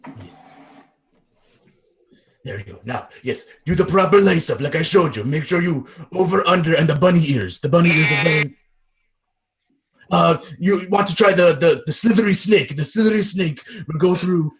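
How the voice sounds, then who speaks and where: A man's voice: a little high, moderate pace, long pauses. A man playing a pushy skating coach dad. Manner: overbearing, rambling, fake accent. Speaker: improv performer. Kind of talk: improv scene on a video call. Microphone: video call.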